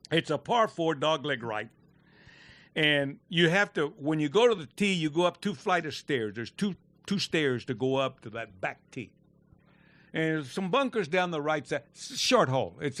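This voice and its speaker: An older man telling a lively, laughing golf story in a fireside chat, shouting out the lines he quotes. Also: fairly high pitch. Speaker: golf pro telling stories.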